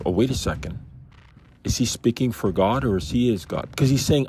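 A man's voice: mid-range voice, animated, moderate pace, mellow, a little hiss or hum. A man giving a casual Bible commentary, musing and thinking aloud as he questions himself. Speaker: Bible study teacher.

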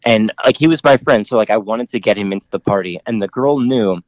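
A man's voice: on the low side, fast talker, low-quality recording. A man in his thirties, a podcast guest telling a long story in a rambling way, with many fillers and lots of swearing. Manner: rambling, filler-heavy, laughs often, profane. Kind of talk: casual storytelling.

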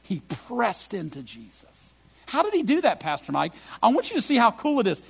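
A middle-aged man delivering a sermon as a pastor, his voice husky and slightly higher than most men's. He moves in big swings between loud emphatic bursts and quiet, low reflective lines, with a gravelly edge throughout. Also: wildly swooping pitch, fairly quick.

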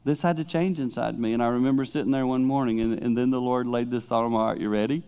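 A middle-aged man preaching a sermon in a church, telling candid stories in an animated way and breaking into sudden high-pitched outbursts. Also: fast, few pauses, smooth, highs cut off.

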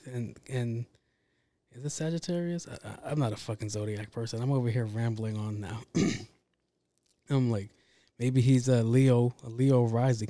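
A man with a warm, mellow voice hosts a casual podcast, wandering off-topic with a loose, profane ramble. He keeps stopping and restarting his thoughts, and the recording is dry and close with no room sound. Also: medium pitch, no echo. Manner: rambling, profane, self-interrupting. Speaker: podcast host. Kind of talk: casual monologue.

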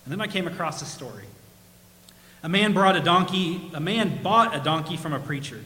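Male pastor, humorous storytelling sermon, sharp bright tone, roomy church sound. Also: a little high, animated, normal speed. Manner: chatty, laughs at his own jokes. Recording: echoey church hall.

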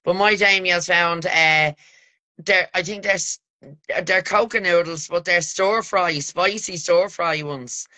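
A woman's voice: lowish voice, measured pace, pushed and bright. A woman hosting a live podcast, gushing and swearing freely while reading out comments. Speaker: podcast host.

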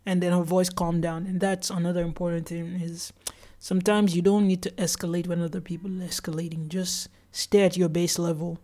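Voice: medium pitch, level tone, fairly quick, mellow. A solo podcast host recounting their day in a loose, chatty way. The talk is full of "like" fillers, and the host acts out what other people said along the way. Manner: chatty, with many "like" fillers and acted-out quotes. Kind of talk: casual solo storytelling.

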